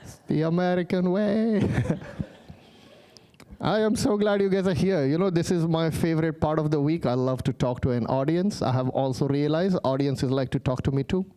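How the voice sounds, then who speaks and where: A man's voice: fairly high pitch, normal speed, smooth. A man with an Indian accent doing stand-up comedy before a live audience, telling a long story and acting out the people in it. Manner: animated, acts out voices in his stories.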